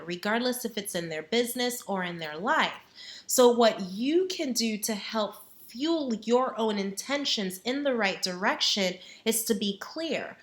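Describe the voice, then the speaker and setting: A woman's voice: mid-range voice, fairly bright tone. A woman hosting a web talk show, chatting to camera in an upbeat, encouraging way with casual asides. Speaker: host.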